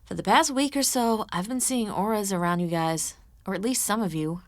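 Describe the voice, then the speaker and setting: A woman narrating an audiobook, voicing an earnest, emotional young woman who talks in a hushed, hesitant way. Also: medium pitch, moderate pace, no room sound, clean studio sound, close to an everyday voice. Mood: tentative. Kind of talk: audiobook character voice.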